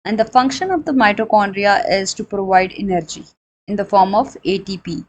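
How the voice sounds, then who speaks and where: A woman's voice: medium pitch, a little fast, rough recording. Woman, biology teacher, explanatory lecture, repeats points. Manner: explanatory, repeats and rephrases points, frequent fillers; switches into Hindi for examples. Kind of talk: recorded classroom lecture.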